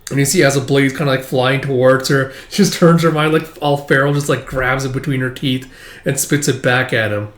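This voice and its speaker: A man's voice: mid-range voice, fairly even intonation, a little fast. A man casually recapping a manga chapter, rambling and swearing, with lots of fillers. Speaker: manga reader and commentator. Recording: roomy echo.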